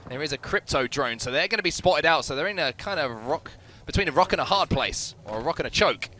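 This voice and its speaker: A man with a British-sounding accent giving play-by-play esports commentary, energetic and rising on big plays. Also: a little high, quick pace, a little hiss or hum. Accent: British or Australian English. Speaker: esports caster.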